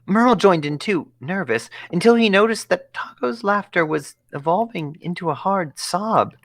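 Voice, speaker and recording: A woman's voice: fairly low pitch, animated, moderate pace, no room sound. A woman narrating a fan fiction story expressively on a live stream, close to a dry microphone.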